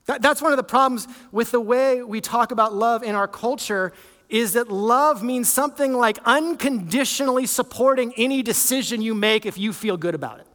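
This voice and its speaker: A man's voice: very high-pitched, moderate pace, fairly bright tone, in a large hall. A man, a lead pastor, preaching a sermon in an earnest, conversational way, often restarting his sentences.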